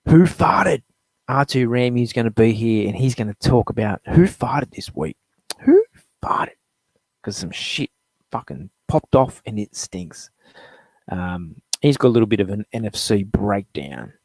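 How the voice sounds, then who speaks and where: A man's voice: lowish voice, gravelly, a little mellow, no echo. A middle-aged man hosting a live show, ranting bluntly with lots of swearing, rambling between topics. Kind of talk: profane sports fan rant.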